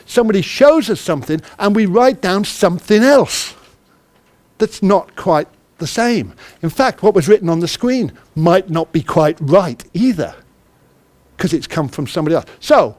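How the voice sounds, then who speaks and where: Man with a high voice leading a hands-on workshop session; keeps asking the audience questions. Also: a little mellow. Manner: quizzes the audience and acts out little dialogues. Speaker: conference speaker, project manager. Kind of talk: interactive workshop talk.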